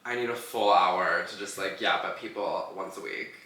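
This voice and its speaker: A man's voice: low voice, normal speed, bright, forceful tone, roomy sound, recorded from a distance. A young man co-hosting a podcast in casual chat, talking loosely with lots of "like" fillers and laughing often. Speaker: podcast co-host.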